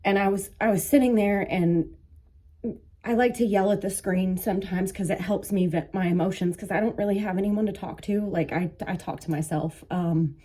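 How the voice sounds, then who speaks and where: A woman giving a halting, emotional personal monologue, with many restarts and fillers, as if close to tears. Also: medium pitch, fairly even intonation, mellow, slightly rough. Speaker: vlogger, coaching.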